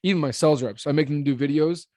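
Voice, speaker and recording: A man in his thirties who owns a roofing business, a podcast guest talking fast and blunt, slurring his words a little. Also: no room sound, studio quality. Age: 30s. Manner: blunt, animated, salesman-like pitching. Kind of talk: casual podcast interview.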